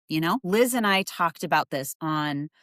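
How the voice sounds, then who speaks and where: A woman's voice: deep voice, lively intonation, moderate pace, fairly bright tone, no echo, clean studio sound. A woman hosting her own podcast, talking in an earnest, reflective way and openly letting her emotions show. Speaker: podcast host and adoptee coach. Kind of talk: podcast monologue.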